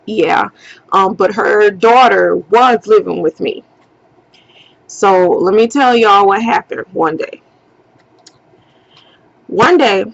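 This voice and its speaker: Slow-talking woman telling a story. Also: medium pitch, lo-fi sound. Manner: animated, profane retelling with slang. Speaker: vlogger. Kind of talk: casual storytime vlog.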